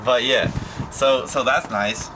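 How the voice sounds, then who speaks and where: A young male vlogger talks casually into his camera, rambling with plenty of fillers and slang. His mid-range voice moves slowly, and steady background noise runs throughout.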